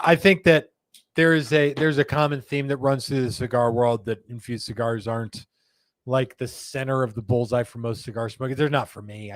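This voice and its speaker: A man's voice: medium pitch, dry recording. A man hosting a live show, chatting in a casual, joking way and reading viewer comments aloud, indoors in a studio room. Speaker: host of a live cigar show. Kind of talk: casual live-stream chat.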